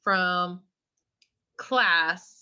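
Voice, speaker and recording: Bright young woman, slightly dull mic. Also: fairly low pitch, drawn-out words, clean tone. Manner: rambling anecdote-teller, many fillers. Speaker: podcast co-host. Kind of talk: casual podcast chat.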